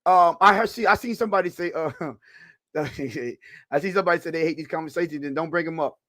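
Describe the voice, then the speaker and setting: A man's voice: fairly high pitch, brisk, a bit bright, no room sound. Upbeat man hosting a live stream. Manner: laughs often, talks straight to the viewers; loose, rambling, with restarts. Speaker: podcast co-host on a live stream. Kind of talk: casual live-stream chat.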